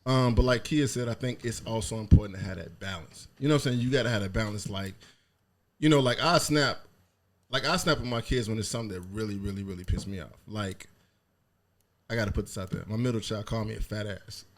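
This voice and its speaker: A man's voice: on the low side, quick pace. A man hosting a casual podcast chat, talking in a laid-back, profane way and laughing often. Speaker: podcast host.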